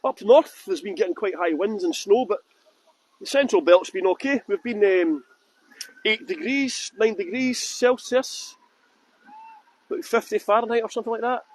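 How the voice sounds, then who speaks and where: Speaking at a normal pace with a high-sitting voice and no echo, this Scottish tour guide leads a live walking tour by a fountain in a breezy city square. He keeps things casual, tossing out flippant jokes as he goes.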